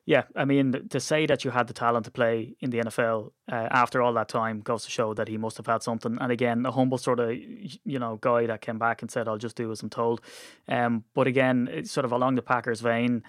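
Fast-talking man, dry close sound. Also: mid-range voice, level tone, a bit bright, no echo. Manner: enthusiastic storyteller, many fillers. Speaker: podcast co-host. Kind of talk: casual sports chat.

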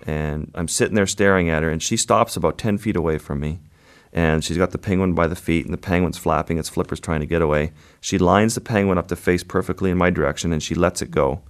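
A man, a photographer guest, recounting an encounter in a measured, vivid interview style. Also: sits low, steady tone. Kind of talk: interview storytelling.

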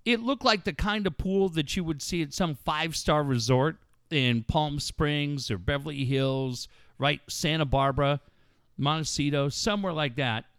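A middle-aged man whose voice runs on the high side, a bit bright and smooth, co-hosts a radio show at a normal speed. He tells stories in loose banter, swearing freely and laughing throughout. The recording is dry and of studio quality.

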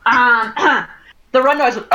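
Heavy background noise sits under this young woman's fairly high voice as she co-hosts a podcast. She's a chatty storyteller in casual conversation, laughing a lot and filling her speech with "like."

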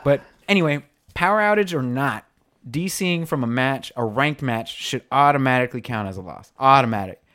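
A man's voice: medium pitch, moderate pace. A man chatting casually and telling a story, swearing often and acting out what other people said. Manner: swears a lot, animated storytelling with acted-out quotes. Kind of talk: casual chat.

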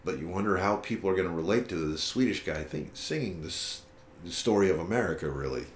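A man's voice: sits low, a little fast, reverberant, slight background noise. A man telling a long story in a casual interview, swearing freely and acting out what others said. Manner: profane, animated retelling with quoted dialogue. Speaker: musician guest.

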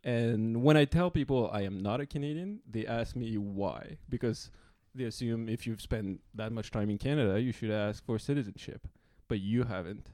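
A man from France with a French accent, hosting a podcast and asking his guest relaxed questions. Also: on the low side, normal speed, few pauses, no echo, studio quality. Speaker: podcast host. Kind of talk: casual interview chat.

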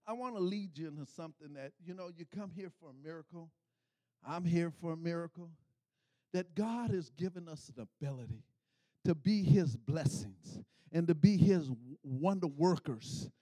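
A middle-aged man preaching a sermon, calling for responses from the congregation and swelling into shouts. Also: a little high, animated, moderate pace, dry recording.

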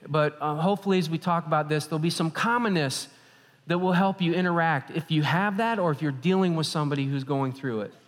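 A man preaching from the stage of a church auditorium, his voice sitting on the higher side for a man. He tells stories with animated energy. A long reverb from the hall trails behind his words. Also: quick pace. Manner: animated storytelling. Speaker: pastor. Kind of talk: sermon.

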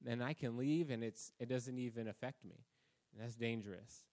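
Male pastor, middle-of-the-range pitch, loose conversational preaching with self-deprecating humor. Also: moderate pace, a little mellow. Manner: casual, self-deprecating, anecdotal. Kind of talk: conversational sermon.

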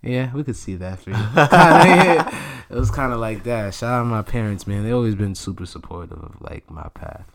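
Laid-back young New York man, lowish voice. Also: lively intonation, normal speed, vocal fry, few pauses, fairly bright tone. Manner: laid-back, slangy, laughs easily. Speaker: music producer guest. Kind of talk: casual podcast chat.

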